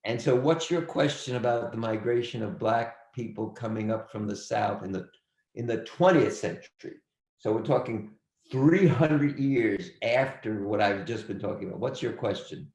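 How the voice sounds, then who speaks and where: An emphatic man leads a history class over a video call, circling back to restate his points. His voice is gravelly and sits in an echoey room. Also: mid-range voice, normal speed, a little mellow. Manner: emphatic, repeats phrases, calls on students by name. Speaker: history teacher. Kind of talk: online class lecture.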